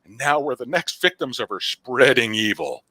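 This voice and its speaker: A man voicing an agitated villager who makes quick accusations. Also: mid-range voice, lively intonation, sharp tone.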